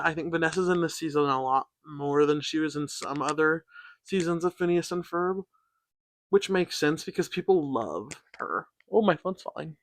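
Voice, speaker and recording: A man's voice: on the high side, fairly bright tone, dry recording. A man chatting casually and upbeat as he reviews a show, often saying "like".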